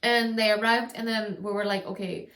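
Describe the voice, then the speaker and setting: A woman's voice: mid-range voice, flat delivery, moderate pace, fairly bright tone. A young woman telling a long personal story to the camera in a loose, rambling way, leaning on "like" and often restarting her sentences. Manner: rambling, heavy use of "like", frequent restarts. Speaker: vlogger. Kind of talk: casual storytime. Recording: roomy echo.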